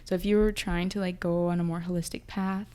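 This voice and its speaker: A woman's voice: on the low side, level tone, fairly quick, a little mellow, clean tone. A young woman giving a casual, chatty tarot reading, talking through her intuitions in an emotional, thinking-aloud way. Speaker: tarot reader.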